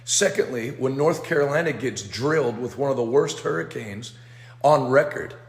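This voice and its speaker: A man giving firm political commentary in a lecturing manner. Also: medium pitch. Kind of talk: scripted commentary. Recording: roomy echo.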